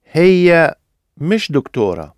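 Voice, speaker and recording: A man's voice: a little high, very animated, brisk, dry recording, studio quality. A man with an Egyptian Arabic accent, modelling phrases cleanly for learners in a language class.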